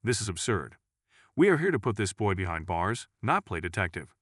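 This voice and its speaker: A man's voice: fairly low pitch, big pitch swings, normal speed, no echo, clean studio sound. A man voicing an impatient, scornful male prosecutor who speaks sharply. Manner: sneering, sharp.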